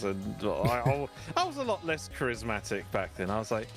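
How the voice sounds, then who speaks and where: A man's voice: on the low side, huge pitch swings, normal speed, music in the background. A man with a British accent, a streamer guest in a casual interview chat, telling stories and laughing easily. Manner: chatty storyteller, laughs easily.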